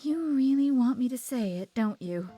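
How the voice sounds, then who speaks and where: A man voicing a gentle, proud young woman from a visual novel, speaking softly and slowly. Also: very high-pitched, animated, soft background music, pitched above the performer's own voice. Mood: reluctant.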